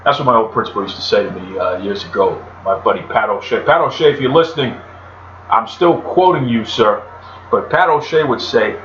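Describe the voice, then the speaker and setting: A man hosting a solo podcast in a chatty, animated way, talking about himself by name. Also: lowish voice, a little fast, slight background noise. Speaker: podcast host. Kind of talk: solo wrestling podcast talk. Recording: roomy, dull lo-fi home recording.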